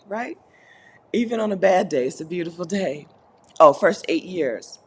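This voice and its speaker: At a normal speed, a woman with a lowish, slightly rough voice and lively intonation reads her chat aloud while hosting a live co-working stream in the Caribbean. She's chatty and playful, laughing a lot and griping in jest.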